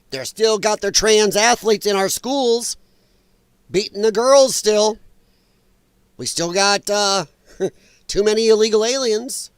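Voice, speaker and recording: High-voiced man hosting a sarcastic livestream. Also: unhurried, smooth, dry recording. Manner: sarcastic, chatty, laughs often. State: voice a little strained. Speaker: livestream host. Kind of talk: casual political commentary livestream. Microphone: own microphone.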